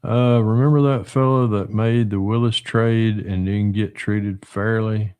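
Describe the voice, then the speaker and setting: A man's voice: fairly low pitch, steady tone, measured pace, a little mellow, clear, resonant tone, no echo. A middle-aged man from Northwestern Georgia with a Southern accent, hosting a casual livestream while he builds a model car and answers chat in a folksy drawl.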